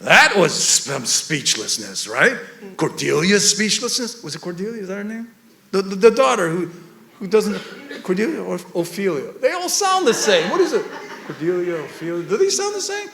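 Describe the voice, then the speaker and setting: Man, very high lively voice, bright tone, excitable rambling lecture, roomy echo. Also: brisk, gravelly. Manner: excitable, rambling, laughs often. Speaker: poet giving a talk. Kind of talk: animated lecture talk.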